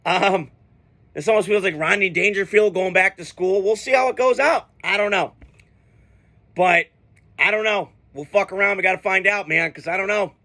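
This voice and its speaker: Male sports vlogger, high and bright tone, blunt and profane, fan-rant energy. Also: moderate pace. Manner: blunt, swearing, worked-up.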